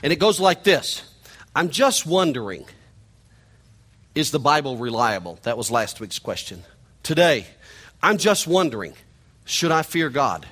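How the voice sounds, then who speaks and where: A man's voice: fairly high pitch, big pitch swings, measured pace, long pauses, fairly bright tone. A middle-aged man with a nasal Missouri twang preaching a sermon in a conversational, joking way. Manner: conversational, joking asides to the congregation. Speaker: pastor.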